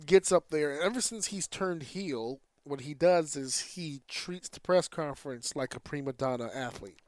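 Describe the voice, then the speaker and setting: A man's voice: mid-range voice, dry recording. A man hosting a casual podcast, talking in an opinionated, rambling way and swearing freely. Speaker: podcast host.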